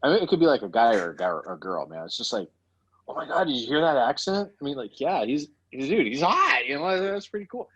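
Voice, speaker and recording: A man co-hosting a podcast, bantering in a jokey, animated way. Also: medium pitch, fast talker, few pauses, slightly rough, muffled recording. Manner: animated, jokey, leaps between voices. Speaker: podcast co-host. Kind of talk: casual banter.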